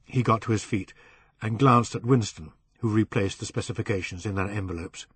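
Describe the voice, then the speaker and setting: A man narrating a novel as an audiobook reader, in a measured way that slows on descriptive phrases. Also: on the low side, slightly rough, dry recording.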